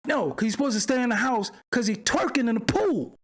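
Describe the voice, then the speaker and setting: A man's voice: very high-pitched, animated, fairly quick. A man hosting a livestream, ranting in a profane, mocking, confrontational way and arguing with viewers in the chat. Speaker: channel host. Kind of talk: livestream commentary rant.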